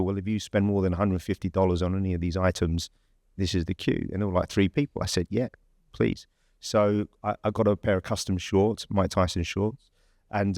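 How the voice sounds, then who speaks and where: An English man with a fairly low voice tells a story in a loose, conversational way. He restarts sentences and leans on fillers as he goes. The sound is close and dry. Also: darkish tone, dry recording. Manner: chatty, rambling storyteller with many fillers and restarts. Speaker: podcast host. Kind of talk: casual anecdote telling.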